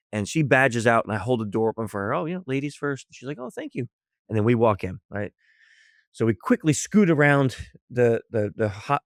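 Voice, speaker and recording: An American man sits close to a dry, dead microphone and tells his story with real relish. His voice is mid-pitched, and he keeps jumping up and down in tone to act out each person in the tale. He laughs easily as he goes. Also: no room sound. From United States. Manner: lively storyteller acting out dialogue, laughs often. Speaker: guest, social engineer. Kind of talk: animated storytelling in a podcast interview.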